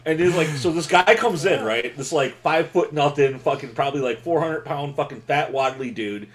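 A man co-hosting a casual podcast chat over a remote call, telling a story in a profane, animated way. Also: on the high side, moderate pace, slight background noise. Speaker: podcast co-host. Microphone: remote video call.

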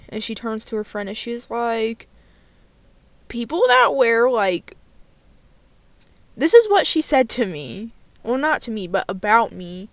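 A woman's voice: a little high, dry recording. A young woman telling a candid storytime vlog from inside her car, swearing freely and filling her talk with "like.". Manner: candid, sweary, full of "like" fillers. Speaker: vlogger. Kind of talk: casual storytime chat.

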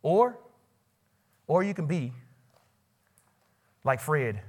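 A man preaching a sermon to a college ministry gathering, asking the crowd questions and swinging between loud rises and quiet drops. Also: fairly high pitch, big pitch swings, extremely slow. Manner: asks the audience questions. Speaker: pastor. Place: college ministry meeting hall.

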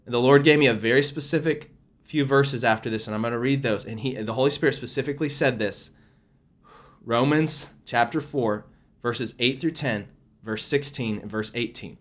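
A man delivering a sermon in an earnest, prayerful tone. He speaks to his listeners as y'all, sharing what he feels he has heard. When he explains a verse, he slows down and leans hard on the words that matter. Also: mid-range voice. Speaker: preacher sharing a prophetic word. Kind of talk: spontaneous sermon and scripture reading.

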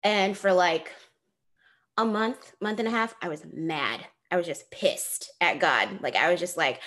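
A woman's voice: fairly low pitch, measured pace, a bit bright. A woman in her twenties telling a personal story on a podcast, laughing often and dropping to near-whispers for asides. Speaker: podcast co-host.

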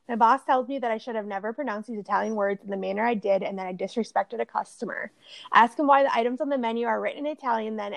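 A woman co-hosting a chatty podcast, reading posts aloud in a lively way. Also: a little high, vocal fry, no room sound.

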